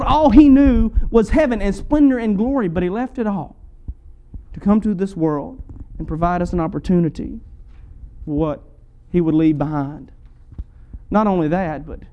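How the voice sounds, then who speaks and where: Male preacher, sermon delivery, high-pitched and mellow, pressing rhetorical questions. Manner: rhetorical, repeated questions with rising and falling intensity.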